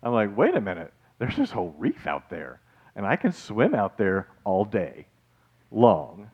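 A man preaching a sermon as a pastor, lively and joking, with asides and acted-out quotes. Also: medium pitch, muffled recording.

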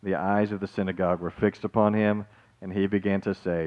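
A man preaching a sermon in a casual, animated way, calling his listeners guys and folks, swinging between loud and soft. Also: sits low, brisk, dull audio. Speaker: pastor.

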